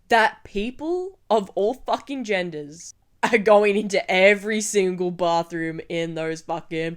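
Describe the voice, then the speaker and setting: A young woman from Australia tells a story to the camera, her voice sitting a little low. She rants with plenty of swearing and lively, exasperated energy. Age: 20s. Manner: ranting, heavy swearing, animated. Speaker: vlogger. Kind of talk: storytime vlog.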